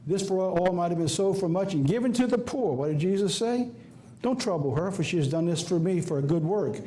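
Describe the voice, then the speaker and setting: A man's voice: sits high, fairly quick, mellow. A man with a Southern US accent preaching a sermon, emphatic and folksy, firing off rhetorical questions. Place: church office or studio.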